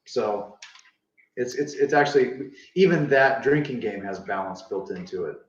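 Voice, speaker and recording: 男性，远距离混响低保真录音，说话爱开玩笑. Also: male voice, mid-range voice, expressive, normal speed. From United States. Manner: jokey, playful riffing. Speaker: game designer co-host. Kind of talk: casual livestream chat. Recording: distant roomy lo-fi mic.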